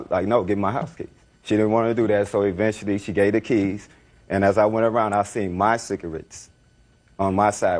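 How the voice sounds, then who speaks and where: Brief: deep-voiced male defendant, fast and rambling courtroom testimony. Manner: rambling, repeats himself, animated retelling.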